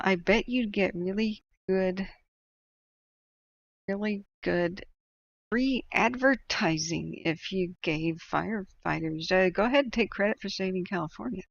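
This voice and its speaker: Gravelly low-voiced woman streamer. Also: lo-fi sound. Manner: opinionated, chatty, laughs often. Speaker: livestream host reading chat. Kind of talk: casual livestream chat.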